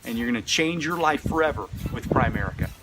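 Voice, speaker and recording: A male sales trainer giving a motivational lesson, animated and often repeating words as he pushes his point. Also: mid-range voice, fast, noisy background. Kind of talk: motivational teaching.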